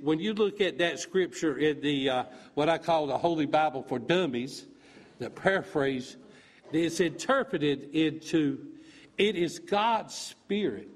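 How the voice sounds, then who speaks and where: Slow, husky man at church. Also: on the high side. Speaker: church member sharing a reflection. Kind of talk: informal church testimony.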